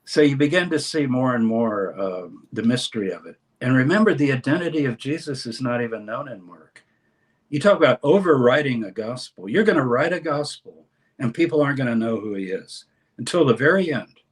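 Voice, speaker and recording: A man explains scripture as an interview guest in an energetic teaching way. He reads passages aloud with dramatic emphasis. His pitch sits in an ordinary middle range. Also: fairly quick. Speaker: scholar and course teacher, guest.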